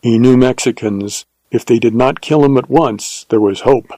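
A man narrating a western novel as an audiobook, in a measured, steady way. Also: medium pitch, no room sound, low-quality recording.

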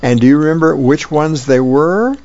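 Man voicing a persistent probing husband, pitch nudged up, gravelly, muffled. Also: normal speed, a little mellow, dry recording, close to an everyday voice. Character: fussing husband fishing for praise.

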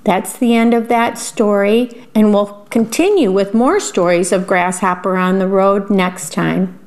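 A woman, a volunteer radio reader, gently reading a bedtime story aloud. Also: mid-range voice. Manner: slow, gentle reading with lively voices.

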